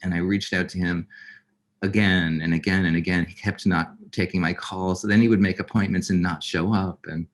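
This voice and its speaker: A man's voice: low voice, fairly even intonation, normal speed. A middle-aged man, a filmmaker being interviewed, speaking reflectively with many fillers and restarts. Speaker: filmmaker guest.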